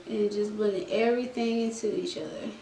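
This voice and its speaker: A woman's voice: medium pitch, brisk, vocal fry, distant mic. A young woman, chatting dramatically while doing a makeup tutorial. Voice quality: dramatic, animated storytelling. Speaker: beauty vlogger. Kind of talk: casual makeup tutorial chat. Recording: echoey room.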